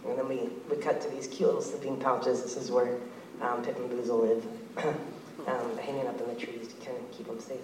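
A man nervously pitching a story to an audience, laughing as he acts out the scenes. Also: little pitch movement, fairly quick. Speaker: storyboard artist pitching a board. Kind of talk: casual pitch to a live audience. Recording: echoey room, far from mic, loud noise.

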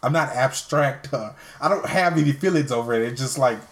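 A man's voice: medium pitch, brisk. A man co-hosting a podcast who speaks casually and plainly, with some hesitation. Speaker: podcast co-host.

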